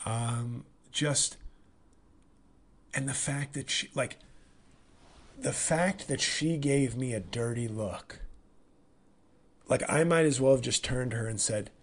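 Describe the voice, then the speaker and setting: A man hosting a podcast, telling a comic story in an animated, profane, rambling way. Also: mid-range voice, takes it slowly, pauses often. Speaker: comedian and podcast host. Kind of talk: casual comedic monologue.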